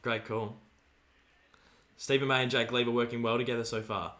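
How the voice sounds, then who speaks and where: A young Australian man hosting a livestream, giving excitable watch-along commentary on a football match and chatting with viewers. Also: mid-range voice, moderate pace, long pauses. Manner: excitable, shouts at play, banters with chat. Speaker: livestream host.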